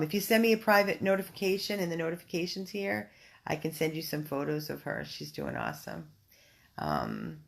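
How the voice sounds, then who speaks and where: Her voice is deep and gravelly. This dog rescue volunteer hosts a relaxed livestream from home on her phone, gushing as she reads viewer comments, often saying um and starting sentences over.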